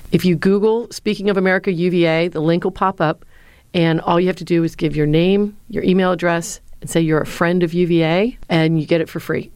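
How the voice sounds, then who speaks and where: A middle-aged woman, a former speechwriter and lecturer, answering interview questions with earnest, lively storytelling. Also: on the low side, no room sound. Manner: earnest, lively storyteller who acts out quotes.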